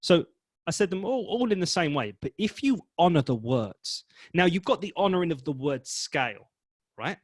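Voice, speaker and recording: A man giving a webinar training talk as a presentation coach, expressive and demonstrating emotions vividly. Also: fairly high pitch, normal speed, dry recording, clean studio sound.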